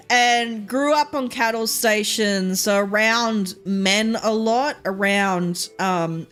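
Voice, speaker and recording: A woman's voice: mid-range voice, fairly bright tone. A young woman from Queensland with an Australian accent, chatting casually on a live stream, rambling with lots of fillers and frequent giggles.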